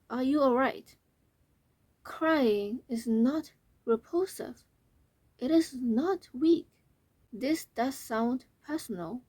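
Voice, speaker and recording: A young woman vlogger talking to camera, earnest and emphatic, repeating her points, her voice slightly hoarse and fading. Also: fairly high pitch, a little mellow, no room sound. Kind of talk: talking to camera, reading out comments.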